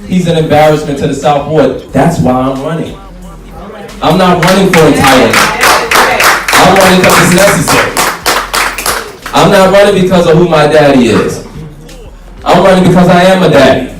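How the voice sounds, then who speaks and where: A man's voice: a little high, moderate pace, long pauses, background noise. Fiery man, from far off. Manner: fiery, plain-spoken, rallying a crowd. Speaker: city council candidate. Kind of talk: campaign speech at a meet and greet. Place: community hall meet and greet. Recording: echoey room, speaker from far off, music faint behind.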